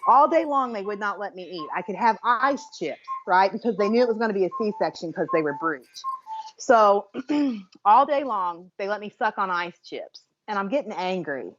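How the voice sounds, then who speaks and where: A woman co-hosting a chatty podcast, telling an animated story between laughs. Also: medium pitch, moderate pace. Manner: animated, laughing anecdote teller. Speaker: podcast co-host. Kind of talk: casual chat, storytelling. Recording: dull lo-fi sound.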